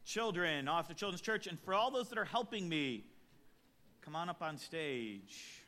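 A man preaching a sermon from a church stage, telling jokes and stories in an expressive way. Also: a little high, unhurried. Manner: storytelling, tells jokes from the pulpit, expressive. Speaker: pastor.

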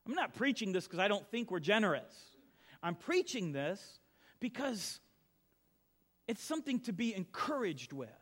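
A middle-aged male pastor preaching a conversational sermon, telling stories, moving between soft asides and emphatic lines. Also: sits high, big pitch swings, normal speed.

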